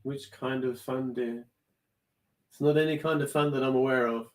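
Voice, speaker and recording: A man's voice: medium pitch, fairly even intonation, normal speed. A man making dry, teasing remarks from off to the side.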